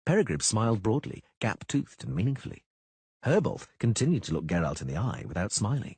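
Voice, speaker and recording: A man reads a fantasy audiobook in a husky voice with measured storytelling. His pitch moves a great deal. The recording is dry and close. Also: very animated, a little mellow, no room sound. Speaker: audiobook narrator. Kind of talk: scripted narration.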